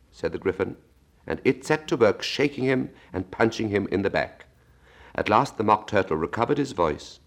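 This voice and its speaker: A man narrating a storybook aloud in a slow, expressive reading. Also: on the low side.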